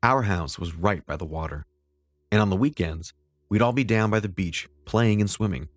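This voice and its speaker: Low-voiced man narrating a story. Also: lively intonation, moderate pace, no echo, clean studio sound. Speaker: host and storyteller. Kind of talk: first-person scripted narration.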